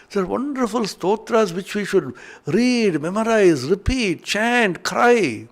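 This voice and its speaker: An older monk gives an earnest, emotional spiritual lecture and chants verses between his explanations. His voice sits high and has a gravelly edge. He speaks slowly and deliberately. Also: expressive. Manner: slow, earnest, emotional storytelling.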